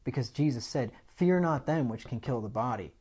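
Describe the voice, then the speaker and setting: A man preaching a sermon with animated delivery, rising loud on key points and asking the congregation rhetorical questions. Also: medium pitch, moderate pace, husky, lo-fi sound.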